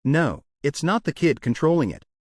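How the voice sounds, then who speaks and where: A man voicing a menacing male dark mage in a recap of a comic, read in a steady, matter-of-fact way. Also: a little high, normal speed, dry recording, clean studio sound. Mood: grim.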